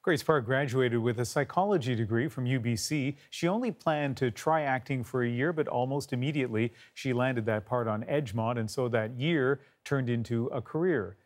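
A man hosting a news segment, narrating scripted voice-over and interviewing a guest in a measured, friendly broadcaster manner. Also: mid-range voice.

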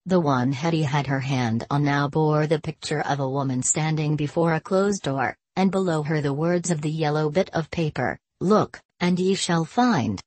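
A woman with a low voice narrates a storybook tale in an even, measured way. Her delivery is steady and the recording is dry and close. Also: no echo.

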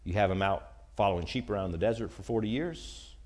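A man preaching a sermon, animated and acting out the lines of Bible characters. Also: on the low side, a little fast. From United States.

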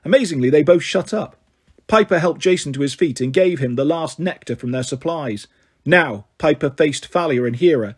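A male reader narrating a fantasy novel aloud. His voice is husky and sits high for a man, with a steady, expressive delivery. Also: moderate pace. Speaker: audiobook reader. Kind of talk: storybook narration.

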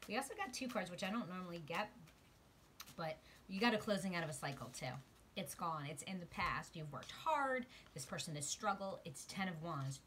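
A woman's voice: low-pitched, slight background noise. Emotional woman giving a tarot reading. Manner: emotional, swings from murmured to excited exclamations. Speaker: tarot card reader. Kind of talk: spiritual tarot reading to viewers. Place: outdoors.

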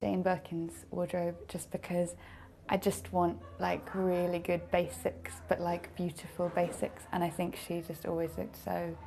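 A young actress giving casual, chatty interview answers. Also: female voice, fairly low pitch, completely flat delivery, measured pace, gravelly, hardly any pauses, mellow, a little hiss or hum.

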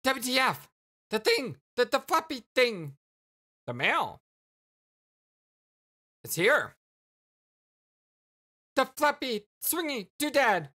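A woman voicing a frantically excited teen girl in a game read-through, squealing and stammering as she hunts for words, with a stuffy, congested voice. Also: high voice, slow pace, long pauses, voice pushed up, exaggerated voice. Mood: frantic.

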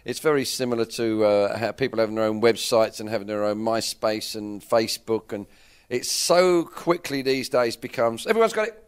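A man's voice: on the low side, moderate pace, clean tone. A man in his sixties with an English accent, answering interview questions in a rambling, candid way that keeps correcting itself. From England. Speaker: interviewed musician. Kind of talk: casual interview chat.

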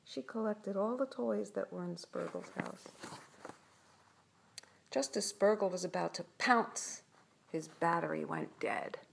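Older woman, grandma reading aloud, gravelly, gentle asides. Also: mid-range voice, a little slow, pauses often, slight background noise. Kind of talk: children's story read-aloud.

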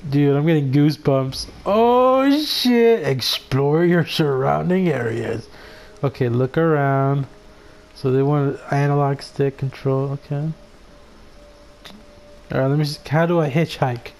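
A man giving excitable, laugh-filled let's play commentary, swearing freely as he reacts to the game. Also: mid-range voice, unhurried. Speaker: gaming commentator.

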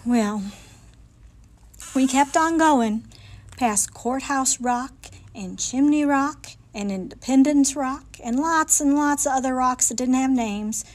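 A woman reading a picture book aloud in a lively, folksy storytelling manner, in a library. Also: high-pitched, slow pace.

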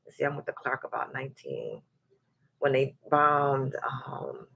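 Husky-voiced woman hosting a chatty show. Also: extremely low pitch, measured pace. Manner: animated, repeats words as she restarts, acts out quoted voices. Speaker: show host. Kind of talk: casual livestream chat and storytelling.

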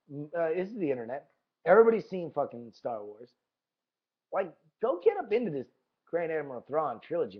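A man's voice: on the high side, husky. A man hosting a podcast in a casual monologue, enthusiastic and profane, often repeating his words. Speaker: podcast host. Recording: dull lo-fi recording.

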